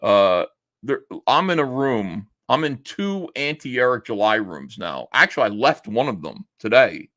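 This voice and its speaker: A man's voice: medium pitch, sing-song, measured pace, fairly bright tone. A middle-aged man hosting a stream, rambling and mocking as he gives a casual, profane rant. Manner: mimics others in raised voice when quoting. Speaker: streamer host.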